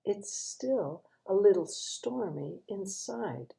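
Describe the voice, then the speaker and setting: A woman gives a reflective devotional talk at a very unhurried pace. Her voice is deep-toned and mellow, without brightness. She leans into quiet, almost whispered words to stress her points. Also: lively intonation, vocal fry, low-quality recording. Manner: thoughtful, drops to near-whispers for emphasis.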